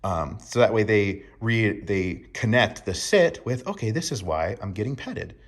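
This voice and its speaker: A man's voice: fairly low pitch, lively intonation, unhurried. A man explaining dog training to owners in an emphatic teaching tone, often checking in with "right?". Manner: emphatic, keeps asking "right?".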